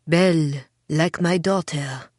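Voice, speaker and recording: Woman narrator doing cold elegant mother, boutique owner, clipped, French touches, lowish voice. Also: slow, darkish tone, dry recording, studio quality. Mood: sweet.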